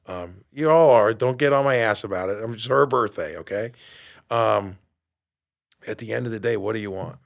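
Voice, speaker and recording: In a studio, a fifty-something fitness coach who hosts a podcast gives a forceful motivational talk, lurching from loud outbursts to quiet asides. His voice is lowish with vocal fry, at a moderate pace.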